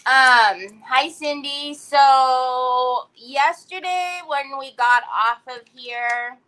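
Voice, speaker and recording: A woman's voice: high-pitched, extremely slow, bright, forceful tone, low-quality recording. A middle-aged woman hosting a craft livestream, chatting casually from a parked car and telling a story while greeting viewers by name.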